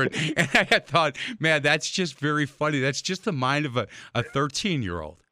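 Bright-voiced male radio host. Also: fairly high pitch, normal speed, no echo, studio quality. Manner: animated storyteller, many restarts. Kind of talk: conversational radio interview.

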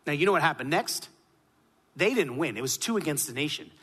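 Guy preaching a sermon, husky voice but really bright and forceful, punches lines then goes quiet. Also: fairly high pitch, animated, brisk. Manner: emphatic preaching, swinging from loud peaks to hushed drops.

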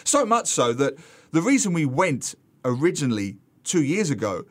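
A man who is a regular contributor, columnist and author, telling humorous travel anecdotes in a lively way on a radio show. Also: fairly high pitch, moderate pace.

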